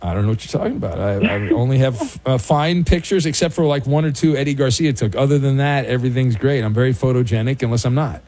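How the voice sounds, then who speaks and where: A man hosting a sports talk radio show, teasing callers with dry, deadpan comebacks. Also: medium pitch, quick pace, few pauses. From Orange County, California.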